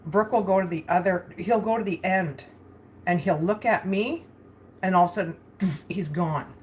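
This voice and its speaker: A woman's voice: fairly low pitch, moderate pace, slight background noise. A woman chatting casually while cooking in her home kitchen for a vlog, rambling and laughing often. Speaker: vlogger.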